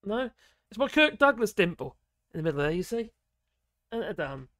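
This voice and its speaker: A man's voice: high-pitched, very animated, moderate pace, pushed and bright, no echo, clean studio sound. A middle-aged man with a giggly, self-mocking manner, chatting casually as host of a live stream. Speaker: livestream host.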